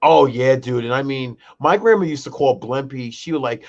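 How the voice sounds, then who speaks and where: A man co-hosting a casual podcast chat, an animated storyteller who acts out quotes in a high voice. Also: normal speed, few pauses. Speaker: co-host. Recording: dull lo-fi sound.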